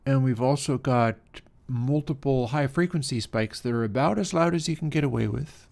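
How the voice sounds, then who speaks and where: A man's voice: mid-range voice, normal speed, gravelly. A man hosting a livestream, giving casual, musing technical commentary while he edits audio. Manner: relaxed, musing, talks while working. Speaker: livestream host.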